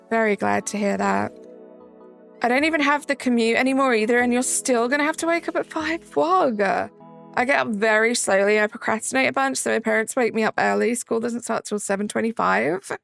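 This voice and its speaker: A woman's voice: on the high side, creaky, fairly bright tone. A woman with a Southern English accent, hosting a live stream in casual chat, greeting viewers by name and reading the chat aloud. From south of England.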